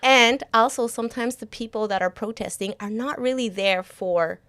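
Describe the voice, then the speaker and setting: A woman's voice: a little high, moderate pace, fairly bright tone, clean tone. A woman co-hosting a casual podcast, often agreeing briefly and reading quotes aloud. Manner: agreeable, with short affirmations, reads quotes aloud. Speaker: podcast co-host.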